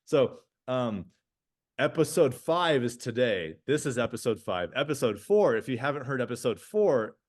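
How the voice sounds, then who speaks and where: A man's voice: mid-range voice, big pitch swings, moderate pace. A man co-hosting a podcast, chatting casually and animatedly, restarting sentences and tagging them with "right?". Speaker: podcast co-host.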